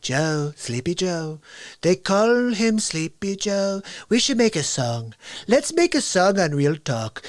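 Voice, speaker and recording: A man hosting a live-streamed casual talk show, excitable and salesy, talking straight to his viewers. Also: high-pitched, slow, no room sound. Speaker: host.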